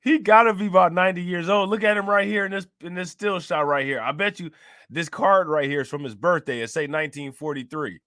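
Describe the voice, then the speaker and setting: A man hosting a show, reacting to a news clip with loud, laughing, mocking commentary. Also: fairly high pitch, brisk, dry recording, studio quality.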